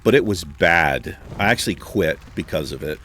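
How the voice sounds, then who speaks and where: A man's voice: low-pitched, animated, moderate pace, a bit bright, a little hiss or hum. A man hosting a gaming channel, telling a long anecdote casually with a lot of swearing. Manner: profane, exasperated anecdote telling. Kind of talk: casual storytelling over gameplay.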